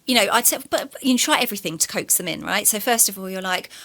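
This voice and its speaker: A woman's voice: mid-range voice, animated, fast, creaky, bright, forceful tone. A young woman guest on a podcast, talking candidly and chattily, telling stories with frequent fillers. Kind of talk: casual interview conversation.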